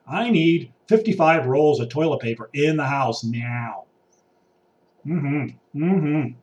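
Man with a fairly high voice, casual sarcastic vlog rant, recorded outdoors a bit far from the mic. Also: lively intonation, slow, darkish tone, highs cut off. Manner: ranting, sarcastic, acts out impatient people. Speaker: vlogger. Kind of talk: casual rambling monologue. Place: outdoors by water.

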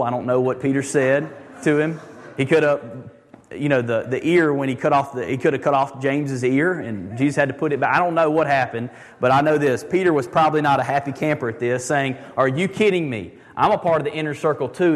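A pastor preaching a sermon in a conversational, emphatic way, repeating words for stress. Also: male voice, mid-range voice, big-room sound.

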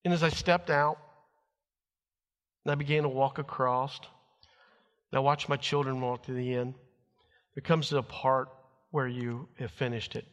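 A man's voice: mid-range voice, fairly even intonation, normal speed, long pauses, a bit bright, in a large hall. A middle-aged man preaching to his church, telling a family story in a folksy way and acting out what people said. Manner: folksy storytelling, acts out quotes. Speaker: pastor. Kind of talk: sermon with personal stories.

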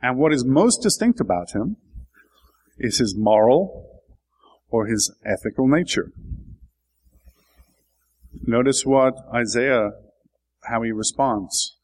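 A man preaching a sermon and explaining his text in a reflective teaching manner. His voice sits at an ordinary middle pitch, and he rises into emphatic, lifted stretches before settling back down. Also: expressive, slow, long pauses, a little mellow, low-quality recording. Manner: thoughtful, explanatory, builds to emphatic bursts.

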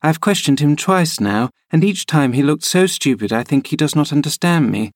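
A man reading an audiobook, voicing a lively, indignant teenage girl in a raised, emphatic voice. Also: moderate pace, dry recording, studio quality, close to an everyday voice. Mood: puzzled. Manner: high, emphatic and exclaiming.

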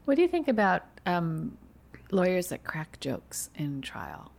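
Woman, podcast host, low voice, curious questions. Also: very animated, measured pace, vocal fry, a little mellow. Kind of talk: interview questions.

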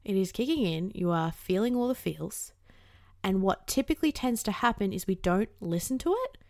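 A woman's voice: medium pitch, animated, normal speed, a little mellow, dry recording, studio quality. A young woman giving casual, candid advice to the camera. She swears freely and acts out the voices in her head. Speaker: self-help vlogger.

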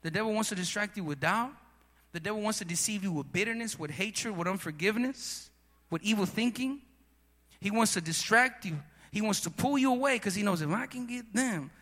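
A man preaching a sermon with rising passion, often calling out to his listeners as brother and sister, and at times shouting. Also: sits high, expressive, a little fast. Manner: impassioned preaching, building to shouts. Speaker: pastor. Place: church hall. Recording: long hall reverb.

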